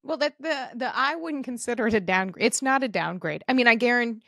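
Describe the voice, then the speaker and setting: Woman co-host, casual podcast chat, rapid talker, dry close sound. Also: fairly high pitch, expressive, creaky, sharp tone, no room sound.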